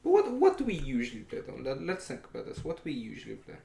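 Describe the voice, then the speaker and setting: Man, podcast co-host, casual chat, hesitant, animated pitch, echoey room. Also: fast, gravelly, slight background noise. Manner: hesitant, lots of ums.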